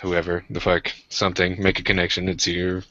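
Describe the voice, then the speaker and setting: A man's voice: sits low, monotone, fairly quick, pushed and bright, dry recording, dull audio. A young man co-hosting a podcast in casual rambling chat, profane and self-mocking as he tells jokey stories. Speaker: podcast co-host.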